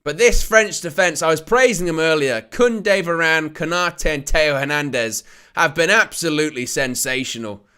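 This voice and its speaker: Young male watch-along commentator with a bright, slightly high voice. Excitable on big chances. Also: moderate pace, smooth. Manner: excitable, rises to shouts at near misses. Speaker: live match commentator and channel host.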